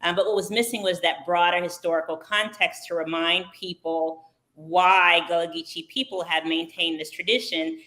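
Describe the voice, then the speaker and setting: A woman guest answering interview questions in an articulate, measured and formal way. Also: on the low side, steady tone, pushed and bright. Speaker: executive director, guest essayist.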